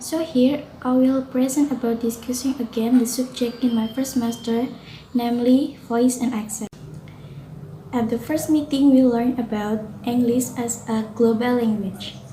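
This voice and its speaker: A woman's voice: fairly high pitch, fairly even intonation, moderate pace, mellow. Earnest Indonesian-accented young woman student. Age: young adult. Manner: earnest, with occasional slips and self-corrections. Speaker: student presenter. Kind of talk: reading a prepared class reflection. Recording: roomy, with faint noise.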